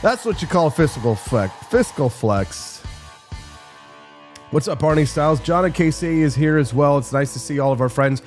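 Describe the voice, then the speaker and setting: A man's voice: on the high side, expressive, soft background music. Wisecracking male talk show host. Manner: jokey, sarcastic, quick asides. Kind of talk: live political talk show.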